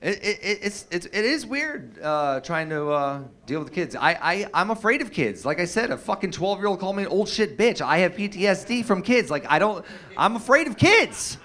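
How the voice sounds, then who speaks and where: A man's voice: high voice, very animated, normal speed, pushed and bright. A young adult man doing a stand-up comedy set, telling stories in a loose, profane way with lots of fillers and restarts. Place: comedy stage with a live audience.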